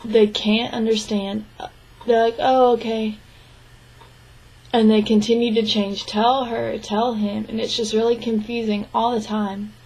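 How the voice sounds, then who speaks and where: A young woman interpreting a signed interview into spoken English, speaking in short, halting phrases with restarts and frequent throat clearing. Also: fairly high pitch, little pitch movement, a little mellow, poor audio. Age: young adult. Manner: clears her throat often. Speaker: sign language interpreting student.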